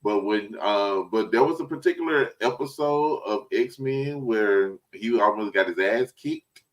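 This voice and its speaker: A man with a fairly low voice chats casually about comics and films. He talks in a hesitant, halting way, restarting sentences and hunting for words. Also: poor audio. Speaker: podcast co-host.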